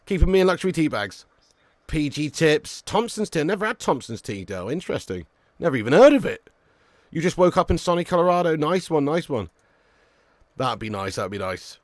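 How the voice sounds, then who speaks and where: A man's voice: on the high side, big pitch swings, brisk, dry recording. Laid-back man bantering on a stream. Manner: laid-back banter, swears freely, chuckles often. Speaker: watch-along streamer. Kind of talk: casual live-stream chat reading viewer comments.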